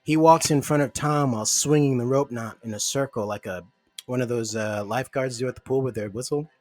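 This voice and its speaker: A man co-hosting a podcast, chatting casually and reading a comic script aloud with animated delivery and frequent laughs. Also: mid-range voice, a little fast, no echo, faint music behind. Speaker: podcast co-host.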